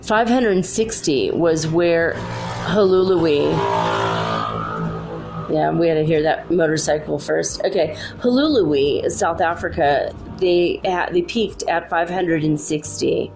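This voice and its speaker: Bubbly woman chatting alone in her room, low gravelly voice, lots of "like", faint music. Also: slow. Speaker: spiritual channel host. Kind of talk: casual solo talk.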